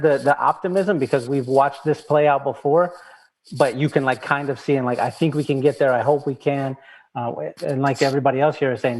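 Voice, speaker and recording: A man's voice: mid-range voice, low-quality recording. A male writer talking as a panel guest, frank and jokey, swearing casually. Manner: frank, joking, swears freely.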